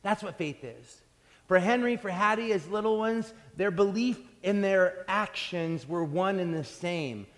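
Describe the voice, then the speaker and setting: Pastor preaching in a reverberant hall. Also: male voice, high-pitched, unhurried. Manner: animated storytelling with frequent restarts. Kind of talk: sermon.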